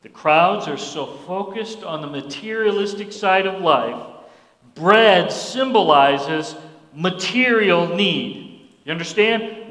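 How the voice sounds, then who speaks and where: A man's voice: high-pitched, animated, slow, fairly bright tone. A man preaching a sermon as pastor, folksy and emphatic, repeating his points. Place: church sanctuary. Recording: echoey hall reverb.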